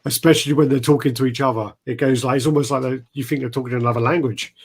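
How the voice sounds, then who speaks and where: A man's voice: mid-range voice, fairly even intonation, quick pace, breathy edge. A man hosting a casual livestream chat, easygoing, laughing often and reading out viewer names. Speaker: host reading live chat.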